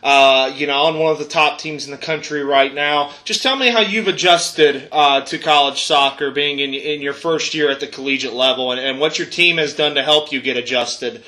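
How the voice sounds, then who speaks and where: A man's voice: fairly high pitch, moderate pace, few pauses, pushed and bright. A man hosting a college sports interview segment, asking questions in an upbeat, playful way with scripted lead-ins.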